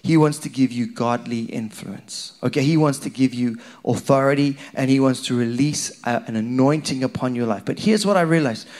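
A man preaching a conversational, animated sermon to a church congregation. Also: normal speed, few pauses. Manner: animated, conversational, rising in pitch when stirred.

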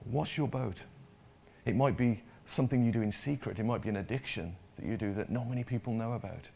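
A man's voice: mid-range voice, brisk, gravelly, darkish tone, a little hiss or hum. A man preaching a sermon in a conversational way, often repeating words and putting questions to the congregation.

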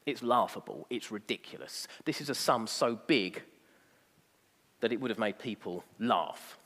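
A man's voice: lowish voice, animated, unhurried, fairly bright tone, in a large hall. A man preaching a sermon, emphatic and fond of rhetorical asides.

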